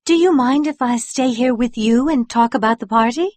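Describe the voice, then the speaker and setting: A woman voicing a gentle, quietly determined young wife in a dry audiobook reading. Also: on the high side, normal speed, no echo, close to an everyday voice. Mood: bright. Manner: soft and gentle.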